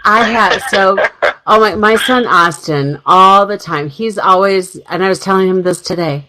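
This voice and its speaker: A woman's voice: medium pitch, normal speed, bright, forceful tone, rough recording. A middle-aged woman co-hosting a radio talk show, telling family stories in a chatty way and laughing often. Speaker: radio co-host. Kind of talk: casual radio chat.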